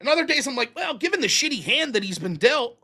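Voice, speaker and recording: An American man hosting a political livestream, ranting in an exasperated, profane, animated way. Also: very high voice, fast talker, husky. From United States. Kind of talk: ranting commentary.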